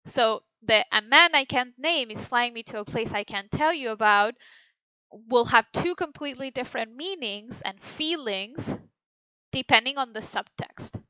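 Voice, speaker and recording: A woman animator explains her work in an informal teaching talk, thinking aloud and correcting herself often. Her voice sits a little high and sounds bright and tense, and the room is dry. The recording itself is dull and lo-fi. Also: animated, unhurried, clean tone, no room sound. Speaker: animator teaching a feedback session.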